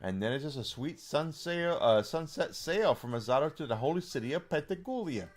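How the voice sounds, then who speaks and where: A man voicing a confident, smooth-talking male traveler in a fantasy game. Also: a little high, lively intonation, a little fast, soft background music.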